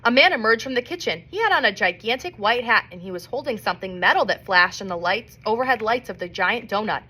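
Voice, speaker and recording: Reading a children's novel aloud, a woman uses an expressive storybook style. Her bright, fairly high voice swings animatedly up and down, and she talks fast with a breathy edge.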